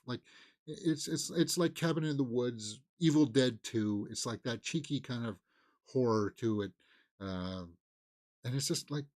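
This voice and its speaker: A man hosts a casual movie news show in a rambling, unscripted way. He stops and starts a lot, filling gaps with "uh" and "um" and the odd sigh or chuckle. His voice sits at an ordinary middle pitch for a man. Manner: rambling, frequent fillers and restarts, sighs and chuckles. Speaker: movie news channel host.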